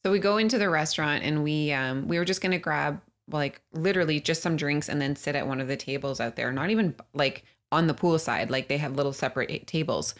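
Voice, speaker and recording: A woman co-hosting a podcast, telling a story in casual chat, animated and swearing freely, often laughing. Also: low voice, quick pace, few pauses. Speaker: podcast co-host.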